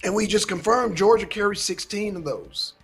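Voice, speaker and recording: A man's voice: high-pitched, normal speed, a bit bright, slightly rough, faint music behind. A man hosting a casual political commentary show, lecturing his listeners emphatically and swearing often.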